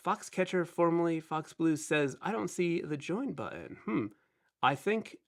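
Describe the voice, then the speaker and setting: A man in his thirties hosts a casual live stream, his voice slightly nasal and pitched in the middle range. He chats in a loose, rambling way and pokes fun at himself as he greets people. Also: gravelly. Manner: chatty, rambling, self-deprecating. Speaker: livestream host.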